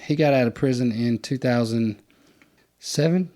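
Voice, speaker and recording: Male podcast host, conversational and animated, mid-range voice. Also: normal speed. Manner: animated storyteller, acts out quotes in a higher voice. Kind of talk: casual storytelling chat.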